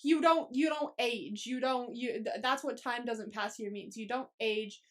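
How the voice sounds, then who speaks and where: A young woman co-hosting a podcast, chatting casually and swearing freely as she recaps a series. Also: a little high. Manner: swears a lot, quick and animated. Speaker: podcast co-host.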